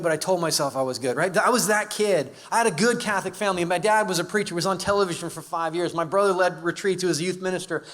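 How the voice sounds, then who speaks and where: A man's voice: sits high, a bit bright. Man giving an emotional testimony talk. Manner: conversational and emotional, with many fillers. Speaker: conference speaker. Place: large live conference venue. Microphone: handheld or stage microphone.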